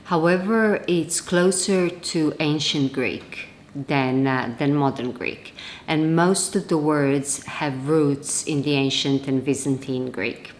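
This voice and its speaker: Low-voiced woman chatting to camera. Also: takes it slowly, slight background noise. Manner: chatty, rambling with restarts. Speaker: vlogger. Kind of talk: casual chat to camera. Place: home.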